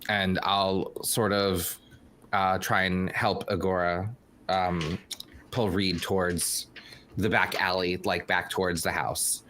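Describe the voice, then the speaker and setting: Low bright guy playing the game, lots of uhs. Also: flat delivery, slow pace, slight background noise. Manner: hesitant, filler-heavy. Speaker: player. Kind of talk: tabletop game play.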